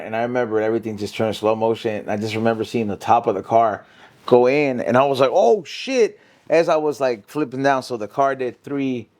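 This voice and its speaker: A man, a podcast guest telling a story in casual, slangy talk and dropping "fool" and "bro" often. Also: medium pitch. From South Central Los Angeles. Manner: slangy, animated, says fool and bro a lot.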